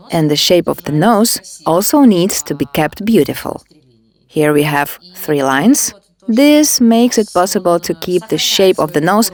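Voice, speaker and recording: A woman demonstrating a facial care technique, giving calm step-by-step instructions. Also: lowish voice. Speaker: beauty device instructor.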